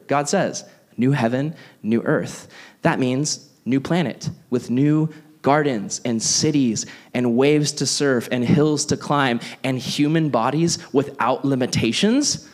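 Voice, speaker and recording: A man's voice: medium pitch, expressive, a little slow, darkish tone. A young man preaching a casual, conversational sermon, animatedly acting out the people in the passage. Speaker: pastor.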